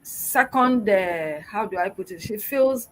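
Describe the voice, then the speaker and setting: A woman's voice: mid-range voice, expressive, a little slow, low-quality recording. A middle-aged woman from Nigeria, a public relations expert answering interview questions in an emphatic, exhorting way, full of rhetorical questions.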